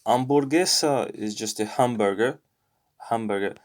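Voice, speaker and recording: A man going through a language lesson on his own, thinking aloud with many fillers and slowly repeating practice phrases. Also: medium pitch. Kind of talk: casual self-study commentary.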